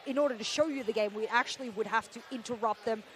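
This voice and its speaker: A woman's voice: a little high, fast, slight background noise. A woman hosting a live esports broadcast desk at an event venue, bantering playfully and animatedly.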